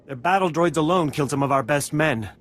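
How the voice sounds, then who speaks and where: A man's voice: a little high, fast, fairly bright tone, faint music behind. A man voicing a nervous, pessimistic settlement defender in a game cutscene.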